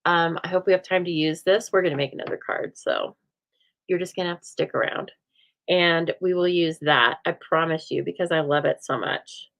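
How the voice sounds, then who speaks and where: A craft show host runs a live stamping demo, chatting playfully and answering viewer comments as she works. Her voice is on the low side, steady, creaky and a bit bright, and she speaks at a moderate pace.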